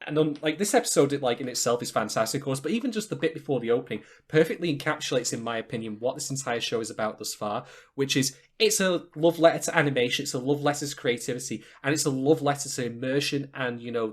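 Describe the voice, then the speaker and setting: A man co-hosts a laid-back podcast. His talk is animated and full of emphatic, salty asides. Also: mid-range voice, fast, few pauses. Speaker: podcast co-host. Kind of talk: casual podcast chat.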